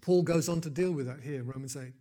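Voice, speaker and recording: Older male preacher, slightly high voice, swings from hushed asides to loud emphatic peaks, chatty and wry. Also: fast. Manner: builds to loud emphatic peaks, then drops low and soft; conversational asides and gentle humor. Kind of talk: sermon.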